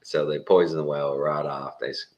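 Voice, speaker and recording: A man's voice: rumbling low, level tone, moderate pace, a little mellow. A Texan man talking in a rambling, casual monologue, chuckling and mimicking other people's voices as he goes. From Texas. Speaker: channel host.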